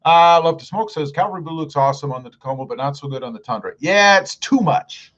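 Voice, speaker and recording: A man's voice: fairly high pitch, expressive, fast, a bit bright, muffled recording. A middle-aged man hosting a casual live stream, reading viewer comments aloud in a friendly, upbeat way.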